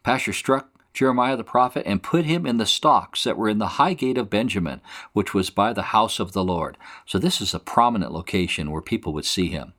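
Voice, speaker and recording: A man's voice: on the low side, animated, fairly quick, a bit bright. A man teaching a Bible passage verse by verse, explaining it in plain conversational terms. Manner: explains scripture conversationally, acts out quotes.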